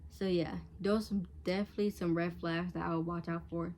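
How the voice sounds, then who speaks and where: A woman's voice: lowish voice, fairly even intonation, a little fast, a little mellow, slight background noise. Chatty teen girl giving frank advice. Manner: chatty, frank, acts out catty voices in quotes. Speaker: vlogger. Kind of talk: casual advice chat to camera.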